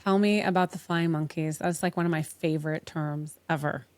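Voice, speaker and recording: A woman's voice: low voice, steady tone, moderate pace, no room sound. A woman hosting a podcast, chatting casually, swearing freely and laughing often. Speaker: podcast host. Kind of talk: casual interview chat.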